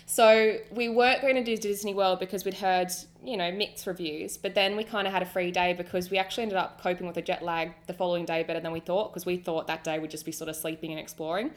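A woman's voice: on the low side, fairly even intonation, fast, few pauses. An Australian woman co-hosting a podcast, chatting casually and enthusiastically about a trip. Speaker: podcast co-host. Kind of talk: casual chat.

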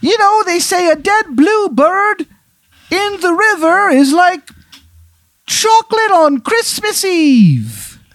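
A cheery male leprechaun ghost, as a man puts him on in a squeaky, very high voice and an awful fake Irish brogue. He stretches out his sing-song lines. The close recording is dry and has no room sound. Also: very animated, fairly bright tone, no echo, exaggerated voice. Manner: sing-song, drawn-out phrases.

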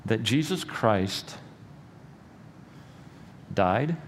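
A middle-aged male pastor preaching a sermon in a church, earnest and rising to loud emphatic peaks. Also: lowish voice, animated, very slow. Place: church sanctuary. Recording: long hall reverb with faint room noise.

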